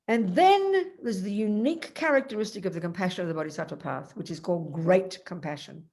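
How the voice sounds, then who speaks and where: A woman teaching Buddhist philosophy in an emphatic, animated way, telling stories and addressing her students by name. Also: lowish voice, moderate pace. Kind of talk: Dharma teaching.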